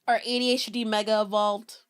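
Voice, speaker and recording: A woman's voice: mid-range voice, little pitch movement, a little fast, clear, resonant tone. A young adult woman, a native Spanish speaker, chatting casually with her stream audience, rambling and giggling between asides. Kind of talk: casual reaction-stream chat.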